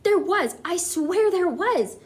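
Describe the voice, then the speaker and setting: A woman voicing a panicking male kitchen cook, yelling in a shrill, frantic voice. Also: wildly swooping pitch, brisk, exaggerated voice. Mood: indignant.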